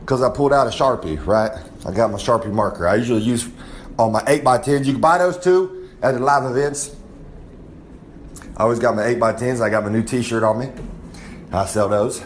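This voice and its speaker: Slight background noise accompanies a man with a medium-pitched voice speaking a little fast. He's a recurring segment guest doing a rambling, boastful wrestling promo in character, calling himself by name in the third person and drawling off into asides.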